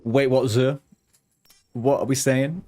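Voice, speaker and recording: A man's voice: mid-range voice, fairly even intonation, takes it slowly, mellow. A young man chatting loosely with his stream chat while gaming, rambling and swearing casually. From England.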